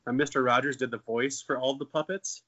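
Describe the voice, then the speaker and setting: A man in his twenties co-hosts a casual comedy podcast, cracking jokes, swearing, and bursting into silly high voices. He talks a little fast in a steady, pushed, bright tone, and the highs are cut off.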